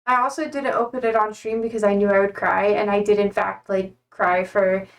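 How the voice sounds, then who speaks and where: Talking briskly at a medium pitch with a level tone, a young woman rambles through a casual live-stream chat. She's emotional and tearful, frequently close to crying but holding it back, and she's positioned at a distance from the microphone.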